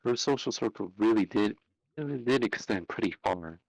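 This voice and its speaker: A man narrating a fan story aloud on a live stream, unhurried, with small slips and restarts. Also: lowish voice, animated, vocal fry, a little mellow, dry recording, poor audio.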